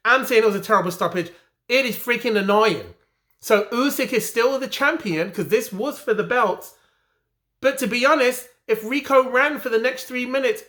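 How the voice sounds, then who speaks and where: A high, fairly bright voice belongs to a man from England who makes boxing commentary videos. Indignant about a result, he rants and keeps repeating his arguments with emphatic frustration.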